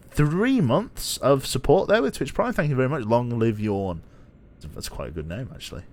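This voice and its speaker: In a fairly low voice with a little hiss or hum, a young British man chats casually while streaming a train game. He teases his audience playfully, mocks himself and breaks into yawns and laughter at the chat.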